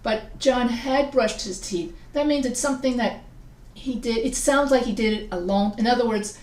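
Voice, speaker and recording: A woman's voice: a little high, normal speed, a little mellow. A woman teaching writing in a casual recorded lecture, chatty and digressive, often restarting her sentences. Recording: echoey room sound.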